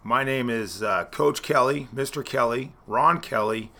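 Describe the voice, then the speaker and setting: A man's voice: medium pitch, a little slow, pushed and bright. A man from Ontario, Canada, a teacher and coach, introducing himself in a friendly way. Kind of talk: casual self-introduction.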